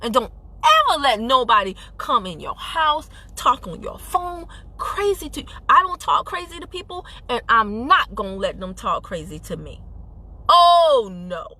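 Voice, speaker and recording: A woman's voice: a little high, sing-song, unhurried, bright, forceful tone. A woman giving an emphatic, sassy motivational talk on a live stream, speaking into a phone while driving her car. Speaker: network marketing team leader.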